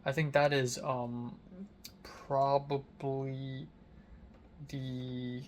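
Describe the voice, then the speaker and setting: A young man talking quietly and rambling to his phone camera, chuckling to himself as he walks an empty street at night. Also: medium pitch, creaky, a little hiss or hum. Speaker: vlogger. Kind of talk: casual self-filmed vlog.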